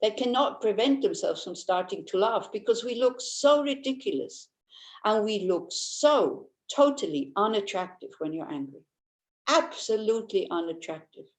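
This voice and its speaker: An older woman teaches Buddhist practice in a chatty, anecdotal way, often laughing. Her voice sits at an ordinary middle pitch. The room around her rings with a noticeable echo. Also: animated, normal speed. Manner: chatty and anecdotal, with frequent restarts; warmly humorous, laughs easily. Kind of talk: informal Dharma teaching. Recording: roomy echo.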